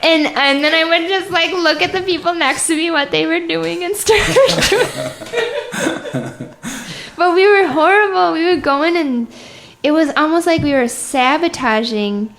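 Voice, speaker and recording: High-voiced laughing woman comedian. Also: a little slow, a little hiss or hum. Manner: laughs often while telling stories; animated, self-mocking storytelling. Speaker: comedian guest. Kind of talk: anecdotal interview chat.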